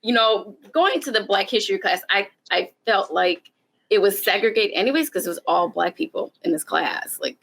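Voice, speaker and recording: A woman guest in a casual discussion, speaking thoughtfully and hesitantly, with many pauses and fillers. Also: medium pitch, gravelly, fairly bright tone.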